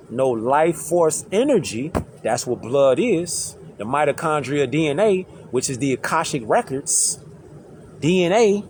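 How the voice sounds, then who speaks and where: An animated man, talking outdoors in an emphatic street-slang monologue. His voice sits fairly high and swings widely as he fires off rhetorical questions. A faint hiss of outdoor noise sits under the recording. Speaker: social media commentator. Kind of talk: casual preachy monologue. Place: outdoors near trees.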